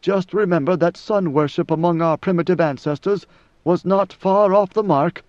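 An ancient god-emperor speaks in slow, grave, measured tones, as a male reader puts him on. The voice sits a little high and carries a dull, lo-fi sound. The recording is dry. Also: a little mellow, dry recording, natural voice. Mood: solemn. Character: ancient godlike male emperor, calm, solemn.

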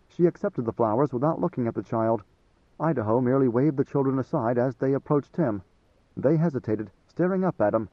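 A man narrating a novel as an audiobook in a measured, dramatic reading. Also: mid-range voice, dry recording, dull audio. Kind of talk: scripted narration.

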